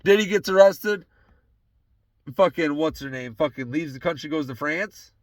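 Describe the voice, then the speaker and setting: A man's voice: a little high, animated, moderate pace, dry recording, clean studio sound. A young man hosting a casual solo podcast from his truck, ranting in a heated, rambling way and swearing constantly. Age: young adult.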